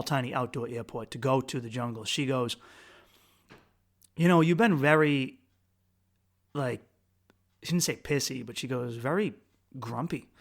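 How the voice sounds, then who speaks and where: A man from the United States hosting a podcast, telling a travel story in a rambling, crude, self-mocking way with quick restarts. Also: medium pitch. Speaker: podcast host. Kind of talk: casual storytelling monologue.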